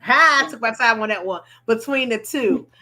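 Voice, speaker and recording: A woman's voice: fairly high pitch, lively intonation, moderate pace, pushed and bright. A woman hosting a live panel talk, affirming her guests and explaining for viewers. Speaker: host.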